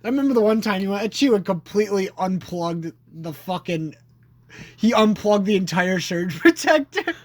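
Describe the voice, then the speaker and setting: A young man chats on a podcast with a fairly high voice. He tells crude, rambling stories and laughs often. His talk is loose and casual. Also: expressive, moderate pace. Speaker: podcast co-host. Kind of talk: casual chat.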